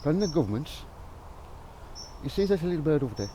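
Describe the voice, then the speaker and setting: A man vlogging outdoors, speaking slowly and softly as he muses to the birds around him. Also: a little high, sing-song, a little hiss or hum. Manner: slow, soft-spoken musing to birds. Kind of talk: outdoor walking vlog. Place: outdoors in the countryside.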